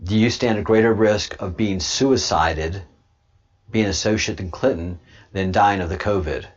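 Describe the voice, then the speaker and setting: A man hosting a livestream and answering chat, halting with many restarts, then repeating points slowly and with emphasis. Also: deep voice, muffled recording. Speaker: channel host.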